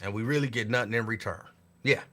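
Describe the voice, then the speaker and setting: A man's voice: medium pitch, quick pace, a bit bright. A man hosting a show, talking in casual commentary with a sarcastic, repetitive, preachy delivery. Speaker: host.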